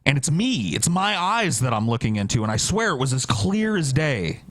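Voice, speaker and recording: Animated, profane man telling a story. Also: medium pitch, moderate pace, no echo. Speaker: podcast guest. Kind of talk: casual storytelling.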